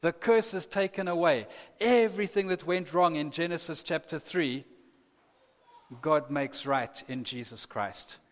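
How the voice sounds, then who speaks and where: A man's voice: on the high side, measured pace. A man preaching a sermon, earnest and building to impassioned emphasis. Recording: long reverb of a large hall.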